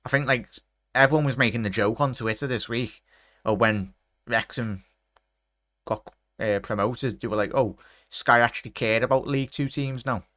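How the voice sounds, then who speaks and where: A man's voice: medium pitch, normal speed, a bit bright, dry recording, studio quality. A young man in his twenties from England, hosting a live football watchalong stream, chatting with viewers, reading out their messages and commenting on the match. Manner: chatty, reads out viewer messages, calls everyone mate.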